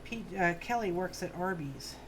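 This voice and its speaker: A woman's voice: on the low side, lively intonation, moderate pace, noisy background. A woman in her fifties with a New York accent, hosting a craft livestream and chatting casually with viewers while she works. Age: 50s. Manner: chatty, rambling, friendly asides to viewers. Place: home studio on a farm.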